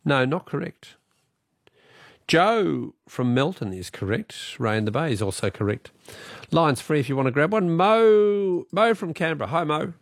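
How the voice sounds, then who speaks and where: A man's voice: a little high, sing-song, moderate pace, creaky, dry recording, studio quality. An Australian man hosting a talkback radio quiz, chatty and wry as he teases callers.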